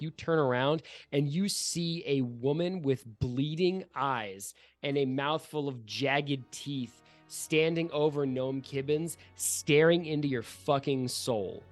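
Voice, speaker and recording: Lively man narrating as game master. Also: fairly high pitch, dry recording. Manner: vivid, profane narration with quick rules asides. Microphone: home microphone for an online session.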